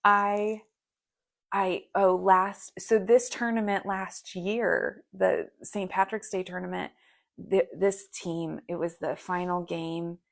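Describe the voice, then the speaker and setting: Gravelly woman telling a lively story. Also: fairly low pitch, slow pace. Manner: animated storytelling with many fillers. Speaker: podcast co-host. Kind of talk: casual chat.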